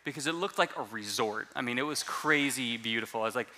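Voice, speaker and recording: A man preaching a sermon as a pastor, telling a personal testimony in an animated way and often repeating words as he restarts. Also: medium pitch, quick pace.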